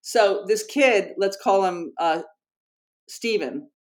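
A woman educator speaking in an interview, earnest and animated, often correcting herself mid-sentence. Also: medium pitch, slow pace. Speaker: educator and program founder. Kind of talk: conversational interview storytelling.

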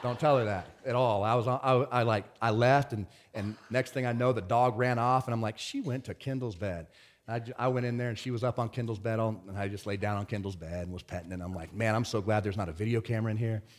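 A pastor delivering a conversational sermon, telling stories in an animated, stop-and-start way. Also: male voice, on the low side, fast. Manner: conversational storytelling, animated, many restarts.

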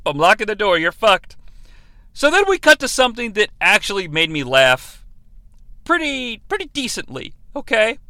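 A man hosting a podcast, giving a jokey, profane, animated movie review. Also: sits high, no echo. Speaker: podcast host.

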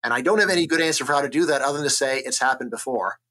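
A man from the United States, an economist, explaining ideas in an energetic, argumentative interview style, often checking in with "right?". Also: medium pitch, racing. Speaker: economist guest. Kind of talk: conversational interview.

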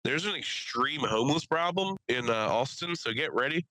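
A man's voice: mid-range voice, animated, normal speed, dry recording, low-quality recording. A man from hosting a casual podcast chat, joking crudely and swearing often. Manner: crude, jokey, breaks into loud impressions. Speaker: podcast host.

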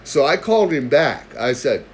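Casual male storyteller, profane, quick to rise to heated shouting; faint room hiss. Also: medium pitch, sing-song. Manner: profane, gets loud and heated retelling confrontations. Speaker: podcast co-host telling a story. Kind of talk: casual chat.

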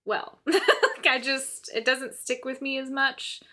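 Young woman, casual chat, bright voice, a little high, laughs a lot, animated storytelling. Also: unhurried. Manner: animated storyteller, laughs often, acts out her own past voice. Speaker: co-host.

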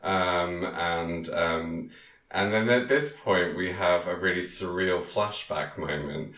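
In an echoey, spacious room, a deep-voiced man co-hosting a podcast recaps a film, taking it slowly. His tone is bright and forward; he wanders along casually, saying um a lot, laughing often, and doing silly voices when quoting characters.

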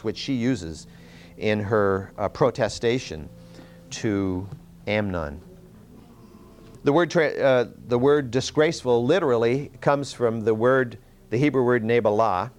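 Male Bible teacher, middle-pitched, very lively intonation, earnest verse-by-verse explainer. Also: a little slow, a little hiss or hum. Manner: earnest, explanatory, reads Scripture aloud with emphasis; self-correcting, with restarts and fillers.

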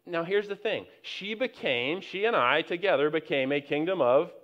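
A man's voice: a little high, expressive, moderate pace. Conversational preacher man, dull lo-fi sound. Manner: conversational, anecdotal preaching with many restarts and rising emphasis. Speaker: pastor. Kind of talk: sermon.

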